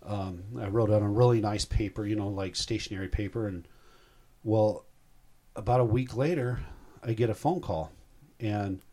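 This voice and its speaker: Older male guest in his sixties, low voice, rambling and heartfelt personal storyteller. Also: moderate pace, warm tone. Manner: rambling, heartfelt, self-interrupting.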